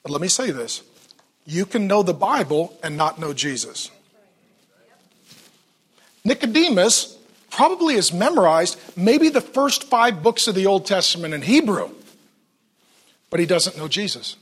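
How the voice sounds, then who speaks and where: A man's voice: high voice, lively intonation, measured pace, pauses often, fairly bright tone, husky. A man preaching a sermon as pastor in a church, telling stories with playful acted-out quotes.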